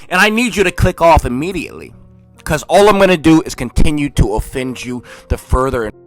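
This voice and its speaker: A man reading scripture in a low, dramatic voice and breaking into fiery, shouted commentary, calling listeners "man". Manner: peppers speech with "man". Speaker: Bible reader and preacher.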